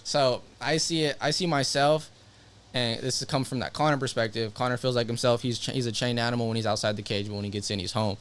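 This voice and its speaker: A young man, a fighter being interviewed, telling his story in a brash, profane, animated way. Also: mid-range voice, fast talker, smooth. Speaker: MMA fighter, interview guest. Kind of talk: casual interview talk.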